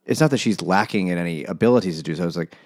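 Deep-voiced man chatting about a book. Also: very fast, a little mellow. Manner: swearing, laughing, loose and joking. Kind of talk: casual book discussion.

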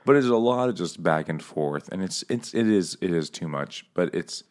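Low-voiced profane man in casual chat. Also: animated, normal speed, darkish tone. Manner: profane, jokey, acts out characters in quotes. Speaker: podcast co-host. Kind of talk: casual book-club chat.

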